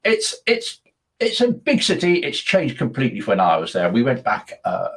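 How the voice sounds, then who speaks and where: An older man from Birmingham hosts a local radio show with a broad Birmingham accent. He is chatty and self-deprecating, often restarting his sentences. His pitch swings up and down a lot as he talks. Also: huge pitch swings, moderate pace. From Birmingham, England. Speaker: radio presenter. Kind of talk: casual radio chat.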